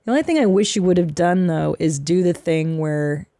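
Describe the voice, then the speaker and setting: A woman's voice: lowish voice, moderate pace, warm tone, dry recording. A woman co-hosting a podcast, reacting and chiming in during casual chat. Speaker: podcast co-host.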